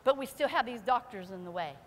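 A woman pastor giving a fervent testimony sermon in a church service, her preaching climbing into shouted praise. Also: on the high side, expressive, fairly quick, in a large hall, slight background noise. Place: church sanctuary during a service.

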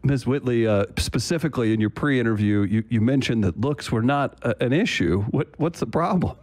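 A man's voice: medium pitch, animated, moderate pace, darkish tone. A man, the show's producer, acting as a mock game-show host and joking.

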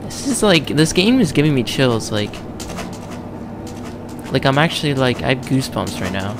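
A man's voice: mid-range voice, very animated, normal speed, music in the background. A young man commentating a horror game, jumpy, joking and swearing as he plays. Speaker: let's play gamer.

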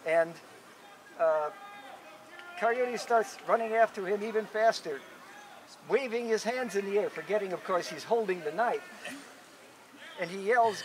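A man telling a folk tale live, playful and chuckling, often doubling his words as he goes. His voice sits high for a man, with a faint background hum from the event. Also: unhurried, pauses often, rough recording. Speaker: storyteller.

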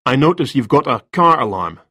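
A man's voice: mid-range voice, very animated, brisk, pushed and bright, slightly rough, no room sound, clean studio sound, voice pushed up, full character voice. A man voicing a cool, formal male police detective in a story reading, questioning in a cold, polite manner. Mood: probing.

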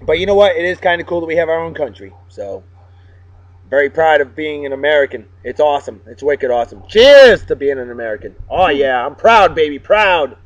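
A man hosts a casual vlog, upbeat and joking as he gives shout-outs to friends. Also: on the high side, sing-song, a little fast, no echo. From Massachusetts. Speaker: vlog host. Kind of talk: casual chat. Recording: dull, dry sound.

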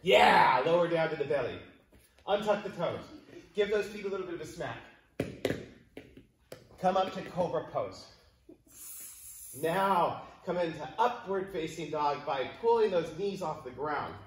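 A fairly high-voiced man talks kids through yoga poses with playful, encouraging cues. His voice bounces around an echoey room and sounds a little off-mic, as if the mic is set back from him. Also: animated, a little slow, pauses often, far from the mic, slight background noise. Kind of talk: guided yoga class for children.

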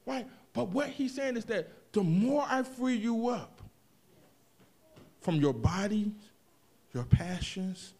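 A man preaching a sermon, moving from hushed reflection to loud, animated emphasis, with casual asides to the congregation. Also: high-pitched, slow, pauses often. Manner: expressive preaching, swings from quiet to loud, vernacular asides. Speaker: pastor.

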